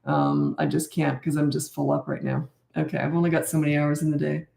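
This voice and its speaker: Gravelly-voiced woman in her sixties. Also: sits low, level tone, a little fast, warm tone, echoey room. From Canada. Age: 60s. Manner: candid, chatty, self-deprecating. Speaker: parenting coach. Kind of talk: live Q&A chat.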